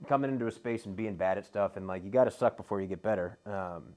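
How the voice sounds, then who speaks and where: A man's voice: on the low side, quick pace, mellow. Reflective male podcast host. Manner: reflective, with stumbling restarts. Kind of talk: casual chat.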